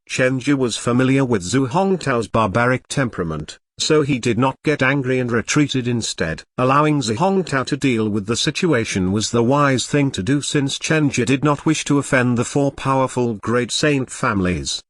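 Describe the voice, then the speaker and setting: A man's voice: mid-range voice, expressive, normal speed, no room sound. Man narrating a web novel, dry sound.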